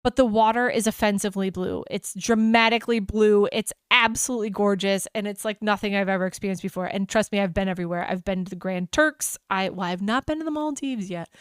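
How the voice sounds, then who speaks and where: A gushing American woman talks casually on her travel podcast, piling on superlatives. Her voice is smooth and resonant at a middling pitch, and the recording is dry and close. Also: no room sound. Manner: gushing, enthusiastic storyteller. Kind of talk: casual chat.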